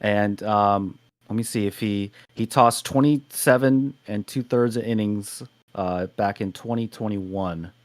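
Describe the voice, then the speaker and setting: A man's voice: fairly low pitch, fairly even intonation, a little slow, no echo. Man co-hosting a sports chat, dry sound. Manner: reads stats, then chats with restarts. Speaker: podcast co-host.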